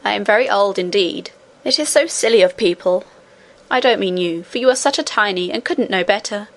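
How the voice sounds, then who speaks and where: A woman reading the part of an ancient, wise great-great-grandmother who speaks calmly and tenderly. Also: medium pitch, brisk, natural voice. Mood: earnest. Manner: calm, tender, gently admonishing.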